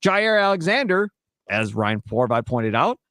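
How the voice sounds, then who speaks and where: A man co-hosting sports talk radio, explaining things to listeners in a measured way. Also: on the high side, sing-song, a bit bright, dry recording, clean studio sound.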